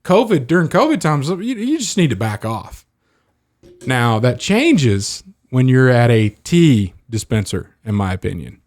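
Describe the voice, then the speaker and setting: A man, co-hosting a podcast in casual chat and telling animated stories. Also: medium pitch, a little slow, dry recording, studio quality. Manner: animated storyteller, laughs a lot. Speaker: podcast co-host.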